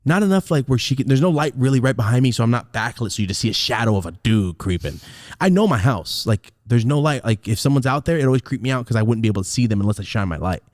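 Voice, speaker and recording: A young man hosting a podcast, telling a story in a casual, profane, animated way and acting out the scenes, on a close mic. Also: mid-range voice, fast talker, no room sound. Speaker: podcast host.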